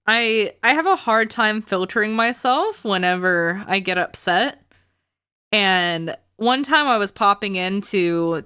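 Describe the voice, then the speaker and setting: A woman's voice: medium pitch, bright, forceful tone, clean tone, dry recording, clean studio sound. A young woman streaming a game, chatting casually with a sarcastic edge and frequent laughter. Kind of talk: casual chat while livestreaming a game.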